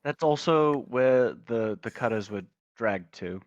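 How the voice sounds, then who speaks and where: A man's voice: mid-range voice, expressive, measured pace, dry recording, muffled recording. A man playing his character in a tabletop game, speaking earnestly and searching for words. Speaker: player. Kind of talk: in-character tabletop role-play.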